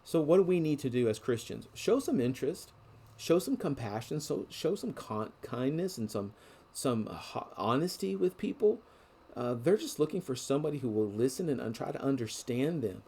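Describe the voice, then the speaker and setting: A man's voice: medium pitch, sing-song, moderate pace, a little mellow, slightly rough. A middle-aged man preaching a sermon in an earnest, conversational way, restarting phrases often.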